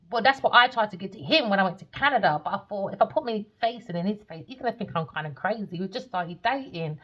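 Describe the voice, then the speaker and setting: A woman's voice: mid-range voice, highs cut off. Blunt, sweary woman. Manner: blunt, swears freely, animated. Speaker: tarot reader. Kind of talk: casual storytelling monologue.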